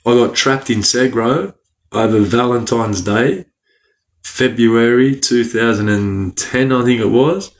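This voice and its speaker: A man's voice: mid-range voice, slow pace. An Australian man chatting casually on a livestream, greeting viewers by name, using lots of slang and laughing often. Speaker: livestream host reading chat.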